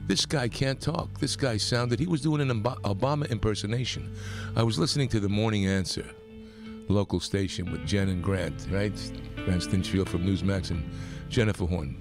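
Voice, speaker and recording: A man from New York hosting a talk radio show, delivering a rambling, opinionated monologue that gets more animated as he goes. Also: moderate pace, gravelly, over music. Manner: animated, rambling, pitch climbs when worked up.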